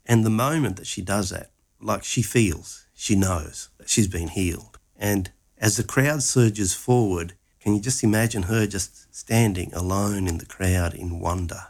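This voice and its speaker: Gravelly low-voiced man retelling a Bible story. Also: measured pace. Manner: animated, acts out lines of the story.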